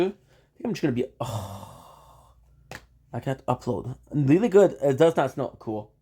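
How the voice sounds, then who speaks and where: A man's voice: medium pitch, very animated, unhurried, mellow, husky. A man live-streaming, rambling playfully and talking straight to his viewers. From Canada. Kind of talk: casual live-stream chat.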